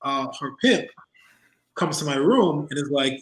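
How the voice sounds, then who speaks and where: A man in his forties, an interview guest telling stories in a lively, laughing way and acting out the voices of people in them. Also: a little high, a little slow, roomy sound, low-quality recording. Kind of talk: casual storytelling in an interview. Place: home room.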